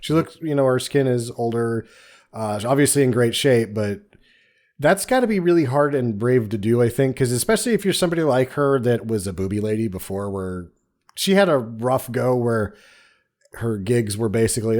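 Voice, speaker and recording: A man at an ordinary mid pitch co-hosting a movie review podcast. He chats casually, sharing offhand opinions with plenty of ums and uhs. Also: expressive, moderate pace, darkish tone. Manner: easygoing, offhand opinions with fillers. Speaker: podcast co-host.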